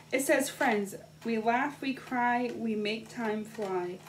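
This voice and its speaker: A woman's voice: a little high, slow, hardly any pauses, noisy background. Gushing young woman unboxing gifts. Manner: gushing, excitable, chatty. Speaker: vlogger. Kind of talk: casual unboxing chat. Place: indoors at home, sitting on the floor.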